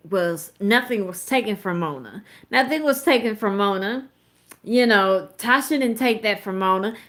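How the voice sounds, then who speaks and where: A woman's voice: fairly high pitch, a bit bright. A woman in her thirties giving blunt, emphatic live commentary with plenty of profanity. She talks straight to her viewers in a casual, conversational way. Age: 30s. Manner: conversational, addresses viewers directly. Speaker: host of a live commentary show.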